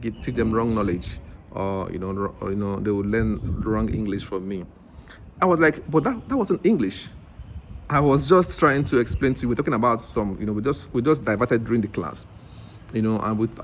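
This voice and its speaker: A man's voice: lowish voice, a little hiss or hum. A Nigerian man telling a story in a casual vlog, acting out the other people's lines and often restarting his sentences. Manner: animated, acts out dialogue with rambling restarts. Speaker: English teacher vlogger.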